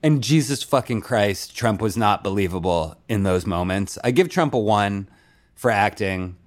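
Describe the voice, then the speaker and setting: A man co-hosting a podcast, chatting casually in a profane, animated way and laughing often. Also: on the low side, moderate pace. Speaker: podcast co-host. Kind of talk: casual comedic chat.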